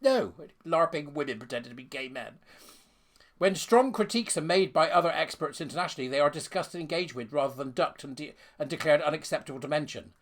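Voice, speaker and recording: A man's voice: fairly high pitch, lively intonation, quick pace. A man giving scornful, sarcastic ranting commentary while reading out a letter.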